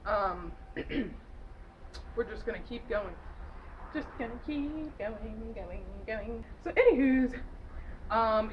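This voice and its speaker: A woman chats through a movie plot in a loose, rambling way, laughing and correcting herself as she goes. Her voice sits at an ordinary pitch for a woman. The recording is dull and lo-fi, with a faint hiss underneath. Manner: giggly, loose, with frequent fillers and self-corrections. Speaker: movie reviewer. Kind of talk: casual rambling movie recap.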